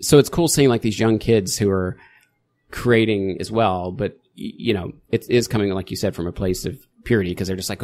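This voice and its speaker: A middle-aged man with a slightly low voice talks casually as a podcast guest. He rambles, restarts his sentences and tells stories with animated energy. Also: brisk. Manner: rambling, self-correcting, animated storytelling. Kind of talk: casual interview chat.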